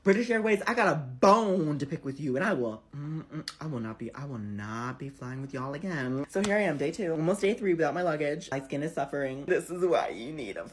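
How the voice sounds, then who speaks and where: A man's voice: a little high, lively intonation, a little fast, few pauses. A man telling a storytime vlog, sassy and exasperated, swearing freely. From United States. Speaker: vlogger.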